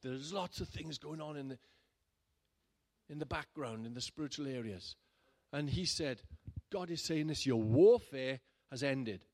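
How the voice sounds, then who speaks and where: Pastor telling a story from the pulpit. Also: male voice, fairly high pitch, normal speed. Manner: conversational storytelling, building to loud emphatic bursts. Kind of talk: sermon testimony.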